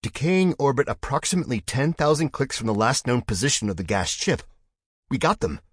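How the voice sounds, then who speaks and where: A man's voice: medium pitch, big pitch swings, fairly quick, breathy edge, dry recording, studio quality, voice pushed up. A man voicing a tense starship scanner officer in an audiobook, giving clipped, raised reports. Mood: focused.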